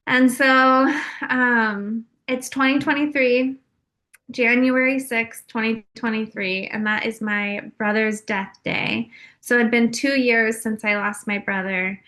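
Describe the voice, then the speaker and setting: A young woman from California, a podcast guest, tells her personal story in an open, confessional way, using lots of fillers. Her voice sits on the high side, slow and steady in tone, bright and forceful.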